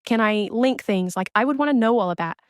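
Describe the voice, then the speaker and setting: Woman, commentary creator; exasperated, blunt delivery; smooth voice, dry close recording. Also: fairly high pitch, animated, a little fast, no echo. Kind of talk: ranting commentary on another streamer.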